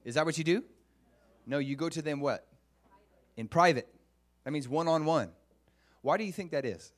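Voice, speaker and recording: Preaching at a moderate pace and pausing often, this man gives an earnest, conversational sermon. He frequently questions the congregation and restarts his sentences, with lively pitch swings.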